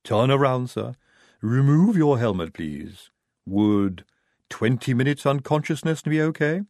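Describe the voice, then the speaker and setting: A man voicing a calm young woman medic who speaks in a precise, clinical way. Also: mid-range voice, measured pace, no room sound, studio quality, pitched above the performer's own voice.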